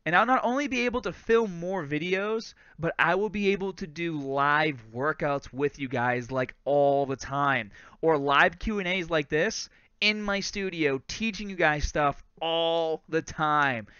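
A man with a light Boston accent hosts a live fitness Q&A, talking fast and casual and tossing in "bro" and "guys". His voice is bright and crisp, a touch higher than most men's. The sound is dry and a little dull. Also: no echo. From Lawrence, Massachusetts. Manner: chatty, laughs often, says "bro" and "guys". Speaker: fitness host. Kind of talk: live stream Q&A, casual chat.

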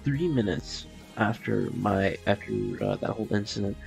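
A man's voice: lowish voice, normal speed, gravelly, faint music behind. A young man casually telling a personal story, rambling with fillers and acting out quotes.

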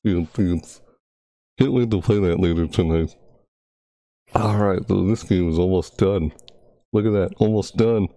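A young man streaming live, rambling casually to himself and his viewers with sudden loud yelps. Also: lowish voice, no echo, clean studio sound.

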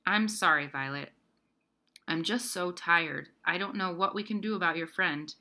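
A woman's voice: fairly low pitch, moderate pace, bright, forceful tone. Woman reading as a weary, tired older sister. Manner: tired, sighing, reassuring.

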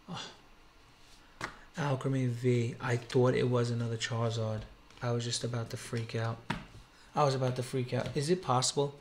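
A man's voice: medium pitch, steady tone, normal speed, pauses often, a little hiss or hum. A man opening trading card packs at home for his channel, calling out each card and exclaiming over a rare pull. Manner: thrilled, exclamatory, calls out cards. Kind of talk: excited pack-opening vlog. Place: home, quiet room.

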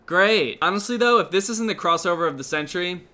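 A young man giving sarcastic reaction commentary on online videos, mostly deadpan and now and then breaking into outbursts. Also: sits high, fairly quick. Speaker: commentary YouTuber.

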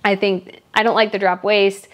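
A woman's voice: mid-range voice, level tone, moderate pace. A woman talking casually as a royal fashion commentator, chatty and opinionated, gushing over some looks and blunt about others. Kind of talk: casual chat.

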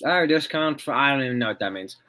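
Bright-voiced young man livestreaming. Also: mid-range voice, lively intonation, quick pace, slight background noise. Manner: rambling, laughs often, reacts to chat. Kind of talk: casual livestream chat.

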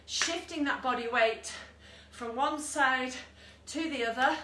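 A woman fitness instructor with a high, bright voice leads an online workout, counting down and cheering people on. She is recorded from a distance in an echoey room at home. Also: unhurried, slight background noise. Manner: encouraging cues and countdowns with asides. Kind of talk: online exercise class instruction. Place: room at home, with a dog nearby.

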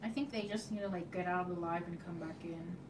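A woman's voice: lowish voice, fast talker. A young woman chatting and giggling off to the side during a casual live stream. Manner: lively, giggly. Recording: roomy, distant, noisy.

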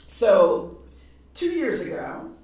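A woman from New York giving a lecture, telling stories in a lively, humorous way. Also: mid-range voice, very slow, gravelly. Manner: animated, humorous storytelling with laughs. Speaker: guest lecturer. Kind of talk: storytelling lecture. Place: large lecture hall. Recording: echoey hall, voice from far off.

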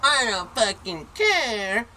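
A man putting on the voice of a defiant, foul-mouthed, out-of-shape boy of about twelve who shouts and sneers. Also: a little high, expressive, fast, slight background noise, voice pushed up. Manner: loud, sneering, cursing.

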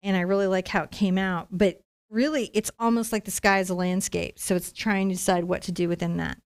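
A woman talks viewers through a live painting session, chatty and encouraging. Her voice is smooth and clear, sitting at an ordinary middle pitch for a woman. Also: steady tone, a little fast. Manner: chatty, encouraging step-by-step explanation. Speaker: painting instructor and live-stream host.

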